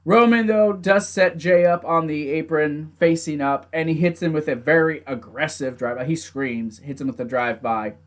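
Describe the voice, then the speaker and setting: A young man casually recapping a wrestling event, animated, laughing often and acting out the wrestlers' lines. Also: a little high, normal speed, few pauses. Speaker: wrestling show reviewer. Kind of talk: casual recap with acted quotes.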